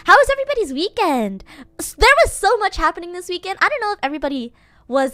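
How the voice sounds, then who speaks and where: A woman's voice: sits high, sing-song, brisk, a bit bright, no room sound, soft background music. A young woman streaming from home at a desk microphone, chatting casually and in a bubbly, giggly way as she thanks her viewers. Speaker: VTuber streamer. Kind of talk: casual live-stream chat.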